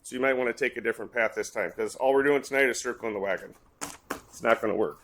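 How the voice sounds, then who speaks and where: A man's voice: medium pitch, fast, fairly bright tone, slight background noise. A man making a blunt, frustrated public comment at a school board meeting. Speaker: parent speaking in public comment.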